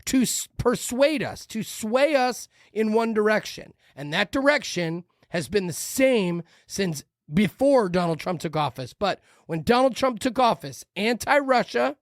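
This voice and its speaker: A woman hosts a podcast and reacts to a clip in a heated, cursing rant. Her pitch swings widely as she talks. The sound is dry and close, with no room echo. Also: expressive, a little slow, few pauses. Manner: heated, ranting, profane. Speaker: podcast host. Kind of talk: reacting to a video, podcast chat.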